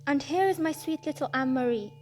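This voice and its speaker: A woman's voice: sits high, fast, a little mellow, soft background music, natural voice. A woman doing a doting aristocratic mother.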